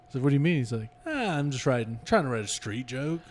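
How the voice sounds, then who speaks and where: A man's voice: medium pitch, big pitch swings, fast talker. A man on a casual comedy podcast, telling crude jokes in a loose, laughing way. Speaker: podcast host.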